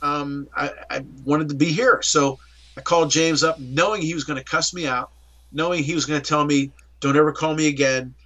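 The audio is dull, and the middle-aged Pittsburgh-area man speaks at normal speed in a voice on the high side. An interview guest, he tells his story with animation, acting out the lines.

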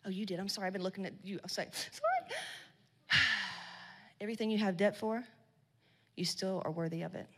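With a sing-song, medium-pitched voice, a woman talks fairly quickly but pauses often. She's giving a blunt, swearing, slangy motivational speech to a live audience at a women's business event, loud in bursts, under long hall reverb.

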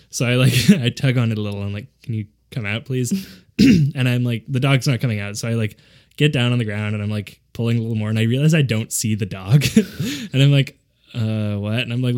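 A man's voice: mid-range voice, fast talker, a little mellow. Rambling, laughing man. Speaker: podcast co-host. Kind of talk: casual storytelling chat.

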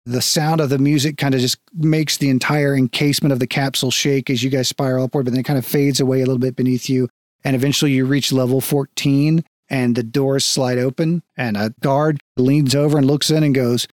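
A man narrating as game master of a tabletop game, relaxed and descriptive. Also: medium pitch, brisk, no room sound, studio quality. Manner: relaxed, descriptive, with small restarts.

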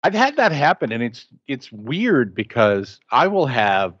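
A married man co-hosting a podcast in casual chat, telling an animated anecdote. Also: medium pitch, unhurried, no echo, highs cut off. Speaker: podcast co-host.

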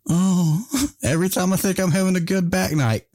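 A man's voice: sits high, fairly even intonation, moderate pace, darkish tone, no room sound. A man hosting a casual podcast chat. He laughs often, swears freely and tells stories with lots of animation. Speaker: podcast host.

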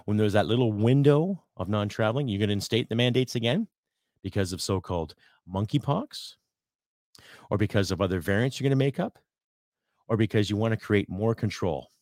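A man's voice: fairly low pitch, lively intonation, fairly quick, a little mellow, dry recording, studio quality. Fired-up man ranting on a podcast. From Canada. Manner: heated, rhetorical questions, swears. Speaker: podcast host. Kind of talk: political rant podcast.

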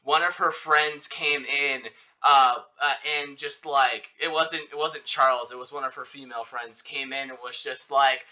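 A man's voice: medium pitch, moderate pace. A young man telling a long personal story in casual chat, rambling with many fillers and restarts. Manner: rambling, filler-heavy, animated retelling. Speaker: podcast host telling a story.

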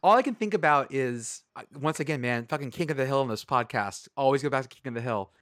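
A man's voice: mid-range voice, expressive, fast, a bit bright, dry recording, clean studio sound. A man co-hosting a casual sports podcast, talking in a sardonic, rambling way and swearing freely. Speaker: podcast co-host.

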